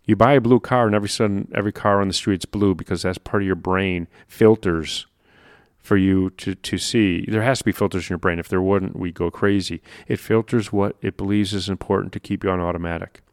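A man's voice: sits low, fairly even intonation, a little fast, no room sound, clean studio sound. A man giving an earnest, conversational motivational talk about health and mindset, with emphatic stresses. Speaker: motivational speaker. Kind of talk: motivational monologue.

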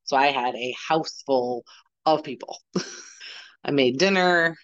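A woman in her forties, a podcast guest, telling a personal story in a halting way, retelling what people said. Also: a bass voice, no room sound, highs cut off. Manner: halting, retells dialogue with "I'm like".

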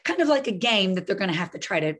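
Woman, parenting coach, group coaching talk, lively, acts out scenes. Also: medium pitch, fast talker. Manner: lively, acts out scenarios with voices.

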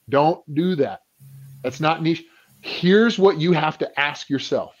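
A man explains client targeting with a slightly raised pitch, jumping into the voices of the people in his examples. He clears his throat often as he goes. His voice has a dull, lo-fi sound. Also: measured pace. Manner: animated storyteller who acts out quoted people. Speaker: business coach guest. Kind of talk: casual podcast conversation.

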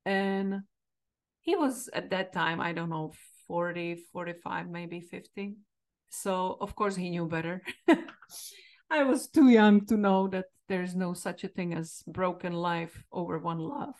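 A woman's voice: on the low side, measured pace, a little mellow. Czech-accented woman telling her story. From Czech Republic. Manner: candid, reflective, quoting herself with emotion. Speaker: podcast host. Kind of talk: personal storytelling.

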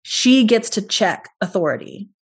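This is a woman at a middle pitch, guesting on a podcast. She sounds earnest and thoughtful, and her reflections roll on in long, connected runs. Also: lively intonation, a little slow, slightly rough. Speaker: guest, parent talking about parenting. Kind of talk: podcast interview conversation.

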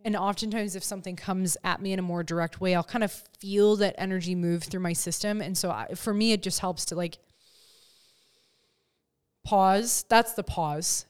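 A woman hosting a casual podcast chat close to the mic, animated and acting out quoted lines. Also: mid-range voice, moderate pace, clear, resonant tone. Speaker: podcast host. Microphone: close studio mic.

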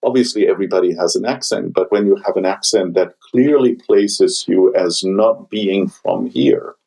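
Husky-voiced man with a German accent. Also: sits low, moderate pace, warm tone, rough recording. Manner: thoughtful, searching for words. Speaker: podcast host. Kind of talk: casual conversation.

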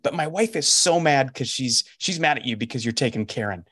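A man's voice: medium pitch, a little fast, breathy edge. A middle-aged man, a coach hosting a podcast, telling a story in casual conversation and acting out the dialogue. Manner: animated storyteller, acts out quoted dialogue. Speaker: life coach and podcast host.

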